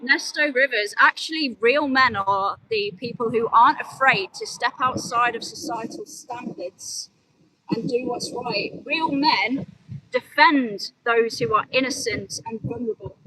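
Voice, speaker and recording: A young woman with a bright, high voice and a Midlands accent. She chats casually with viewers, then turns earnest and preachy. She is out by a road on her phone, with loud vehicle noise around her. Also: a little slow, low-quality recording. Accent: English Midlands. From English Midlands. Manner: chatty, answers viewer comments, earnest when preaching. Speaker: animal rights activist livestreamer. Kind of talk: casual livestream chat. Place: outdoors by a road. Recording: loud outdoor traffic noise.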